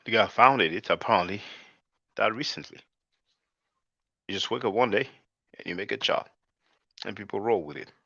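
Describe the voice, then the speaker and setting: Dude rambling casual commentary to his viewers, kinda low voice, dry dull lo-fi audio. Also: moderate pace, vocal fry, pauses often, bright, forceful tone, dry recording. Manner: loose and conversational, often says "man"; addresses viewers as brothers and sisters. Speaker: channel host.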